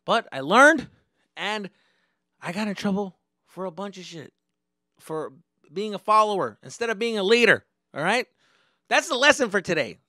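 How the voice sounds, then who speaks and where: A young man hosting a podcast, telling a story in a casual, animated and profane way. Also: high voice, normal speed, long pauses, no room sound, studio quality. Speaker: podcast host.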